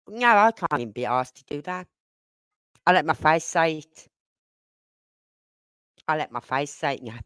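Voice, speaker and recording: Hosting a casual livestream, an outspoken older woman from Birmingham talks in a lowish, fairly bright voice with a Brummie accent, keeping a moderate pace broken by long pauses. She wanders from point to point, speaking plainly. The sound is smooth, clear, close and dry, free of echo.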